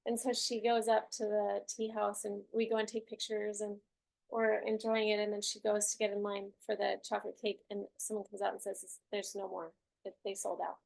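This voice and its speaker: A woman's voice: mid-range voice, monotone, moderate pace, vocal fry, a little mellow. A woman hosting a group class on a video call, chatting casually and telling a story with lots of laughter. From Utah. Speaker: group coaching class host.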